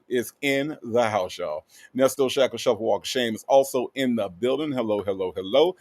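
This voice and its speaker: Male stream host, gravelly mid-range voice, laid-back, reads chat with drawn-out hellos. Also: mid-range voice. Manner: drawling, repeats greetings, playful asides. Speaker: livestream host. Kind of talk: casual livestream chat reading viewer comments.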